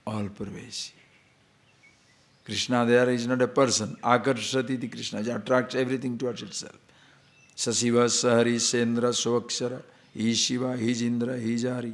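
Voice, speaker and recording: A man teaching scripture, emphatic and full of rhetorical questions, sometimes chanting verses slowly. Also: medium pitch, steady tone. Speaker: spiritual teacher. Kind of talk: lecture on scripture.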